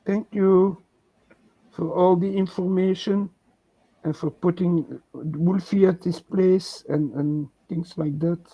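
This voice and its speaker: A man's voice: high voice, steady tone, takes it slowly, husky, muffled recording. Patient man coaching a painter. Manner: patient, step-by-step instructing. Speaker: co-host of a painting chat show. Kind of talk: casual livestream chat while coaching painting.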